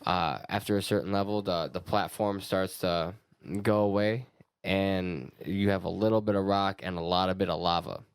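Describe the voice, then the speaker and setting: Man, low gravelly voice, dry sound, podcast co-host, crude jokes, um-filled explaining. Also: steady tone, moderate pace, no room sound. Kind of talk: casual podcast chat.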